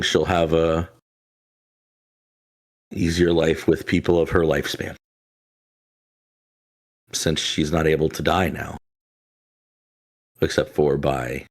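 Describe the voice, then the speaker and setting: A man voicing a gentle, wry male deity in a tabletop game, soft-spoken and given to flustered jokes. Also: a bass voice, heavily acted.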